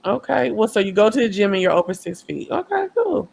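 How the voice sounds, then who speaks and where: A woman's voice: medium pitch, very animated, fairly quick, creaky, a little mellow, a little hiss or hum. A woman guest in a casual chat, talking in a chatty, teasing way.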